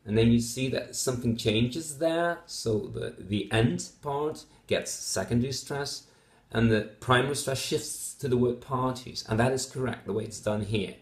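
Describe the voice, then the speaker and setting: A man's voice: mid-range voice, moderate pace. A man with Dutch as his first language, explaining test answers as a phonetics teacher, methodical, with many fillers and repeated example words. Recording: echoey room.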